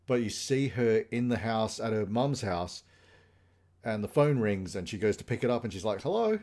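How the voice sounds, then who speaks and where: A man's voice: on the low side, normal speed, a little mellow. Man rambling through a casual plot recap. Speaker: podcast co-host. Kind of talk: casual chat.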